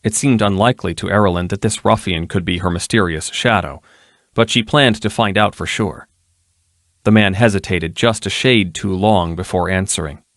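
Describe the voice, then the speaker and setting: A man narrates a fantasy audiobook in a steady, measured way, with a lowish voice. The recording is close and dry. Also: dry recording. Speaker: audiobook reader.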